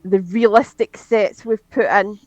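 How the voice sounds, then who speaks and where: A woman's voice: medium pitch, steady tone, measured pace, a loud crowd, low-quality recording. A woman playing a tabletop game, chatty and rambling, often speaking as her character. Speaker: player. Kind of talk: casual tabletop game chat.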